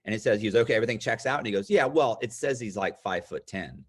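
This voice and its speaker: Lively storytelling man, low voice. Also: very fast, breathy edge. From United States. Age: 50s. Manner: animated storyteller, acts out quoted voices. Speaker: interview guest. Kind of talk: storytelling in casual conversation.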